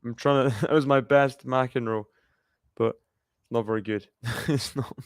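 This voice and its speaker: A man's voice: mid-range voice, fairly even intonation, a little slow, clean tone, no echo, studio quality. A man hosting a live stream, giving casual play-by-play tennis commentary and chatting with viewers while reacting and laughing often.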